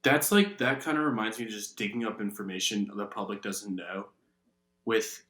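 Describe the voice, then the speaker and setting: A man's voice: fairly low pitch, normal speed, a bit bright. A young man co-hosting a podcast in casual chat, easygoing and asking questions. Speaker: podcast co-host.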